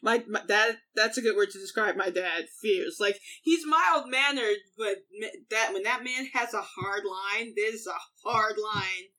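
Bright-voiced young woman, easygoing. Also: mid-range voice, unhurried, hardly any pauses. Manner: easygoing, explains things, laughs often. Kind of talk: casual chat.

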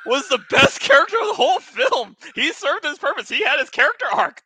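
A male guest filmmaker drops dry, sarcastic remarks in a casual livestream chat. His voice is high and lively in pitch. His audio comes through with clear background noise. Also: a little fast.

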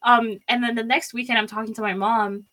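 A young woman tells a long personal story in an easy, chatty way. Her voice sits a little high and sounds bright and clear. She piles up fillers and slips into quoting others as she goes. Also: little pitch movement, fairly quick. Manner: rambling, filler-heavy, acts out quotes. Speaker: storyteller guest.

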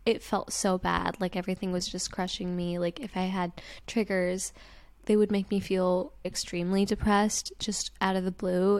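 Young female host, gentle and reassuring, personal advice talk, middle pitch. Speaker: podcast host.

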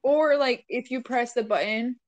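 Give me a woman with a fairly high voice chatting on a podcast, full of self-deprecating jokes and sudden loud outbursts, recorded on a very dry mic with no room sound. She should sound casual and playful. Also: moderate pace, no room sound. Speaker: podcast co-host. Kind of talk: casual comedic chat.

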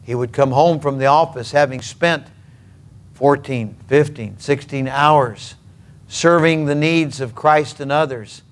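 A man from Minnesota preaching a sermon, telling stories earnestly and emphatically with dramatic pauses. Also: a little high. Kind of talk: sermon storytelling.

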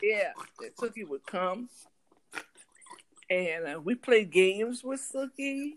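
A woman with a Southern US country accent, co-hosting a podcast and telling a story in lively, casual chat. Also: medium pitch, slow pace, slight background noise. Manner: animated, acts out voices in her stories. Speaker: podcast co-host.

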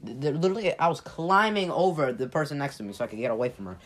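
A man's voice: fairly high pitch, very fast. A young man chatting casually, telling rambling, exaggerated stories. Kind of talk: casual chat.

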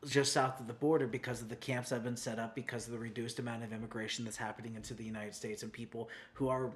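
A man's voice: medium pitch, flat delivery, fast. A man co-hosting a casual podcast, explaining at length in an earnest way. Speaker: podcast co-host.

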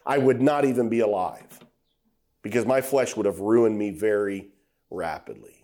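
Man preaching a storytelling sermon. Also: moderate pace. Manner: storytelling with acted quotes, rising to loud emphatic high passages.

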